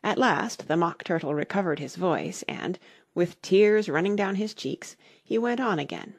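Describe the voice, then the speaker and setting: A woman reading a classic storybook aloud in an expressive narration. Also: on the low side, moderate pace, breathy edge, dry recording, clean studio sound. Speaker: audiobook narrator.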